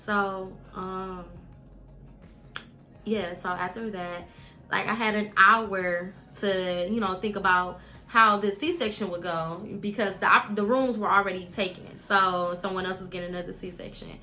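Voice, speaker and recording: Young female vlogger, chatty personal storyteller, bright voice, faint music bed. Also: mid-range voice, a little slow. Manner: candid, animated retelling with many "like" fillers.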